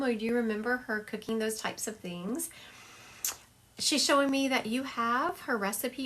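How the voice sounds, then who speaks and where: A woman's voice: fairly high pitch, fairly bright tone. A woman psychic medium doing a livestream reading over a phone, chatty, laughing often and acting out what spirits say.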